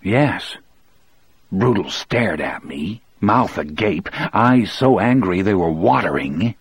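A man with a husky voice reading a first-person audiobook in a measured, reflective way. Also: sits low, expressive, no room sound. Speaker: audiobook narrator.

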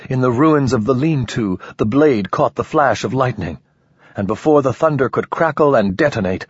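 Male audiobook narrator, slow, husky, low voice, dull dry lo-fi recording. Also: dry recording. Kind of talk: scripted narration.

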